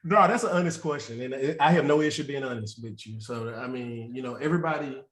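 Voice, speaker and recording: A man's voice: medium pitch, fast, fairly bright tone, slight background noise. Laughing man coaching on a roomy call. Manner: laughs often, loose and self-mocking. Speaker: real estate investing coach. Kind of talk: candid storytelling on a group call. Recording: roomy echo.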